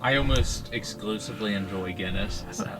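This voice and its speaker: A man co-hosting a podcast in casual chat, with dry, deadpan humor. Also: fairly low pitch, normal speed, music in the background. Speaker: podcast co-host.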